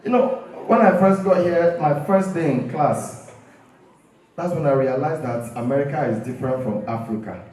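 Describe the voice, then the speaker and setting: A man's voice: fairly high pitch, moderate pace, darkish tone. A young man with a Nigerian accent, hosting a live show and telling comic stories with punchlines. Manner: storytelling with punchlines, playful. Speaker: emcee and stand-up host. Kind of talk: stand-up comedy at a live show. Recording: very echoey hall from far off.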